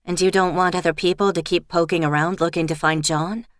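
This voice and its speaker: A woman's voice: fairly low pitch, steady tone, a little fast, dry recording, studio quality, close to an everyday voice. A woman voicing a young female pub owner who speaks directly and a little impatiently.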